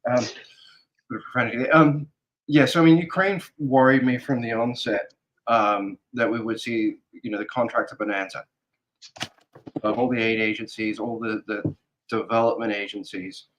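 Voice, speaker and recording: An earnest man answers as an interview guest, working through his thoughts in halting pieces and restarts. His pitch sits in the middle for a man, and his delivery stays conversational and sincere. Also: fairly even intonation, fairly bright tone, a little hiss or hum, rough recording. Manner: halting, earnest, thinks aloud in fragments. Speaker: guest, security advisor. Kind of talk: casual interview talk.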